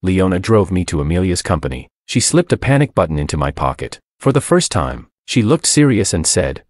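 A man reads a first-person story aloud, voicing every character himself with only light changes. His voice sits very low but swings widely up and down. The sound is dry and close, with no room around it. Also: sing-song, a little fast, few pauses, a little mellow, no echo. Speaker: narrator.

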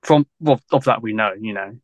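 A man's voice: lowish voice, moderate pace, dry recording, dull audio. A man, a guest historian in a casual podcast interview, talking in a loose, rambling way full of fillers and frequent laughs.

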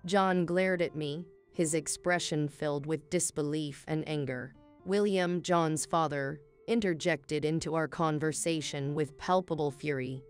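Low-voiced woman calmly narrating a story. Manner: calm, cool, measured. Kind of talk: scripted first-person story narration. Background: faint music.

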